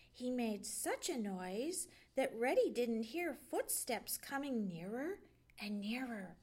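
Woman librarian reading bedtime tales, high lively voice, slow and expressive. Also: breathy edge. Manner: slow, expressive storytelling with dips into a hush. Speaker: library storyteller. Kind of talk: children's bedtime story reading.

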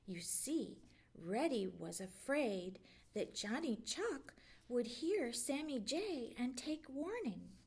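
A woman library storyteller reading a children's bedtime book aloud. Her voice is high and lively, unhurried, with sudden drops into a hush for suspense. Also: husky. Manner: slow, expressive storytelling with dips into a hush.

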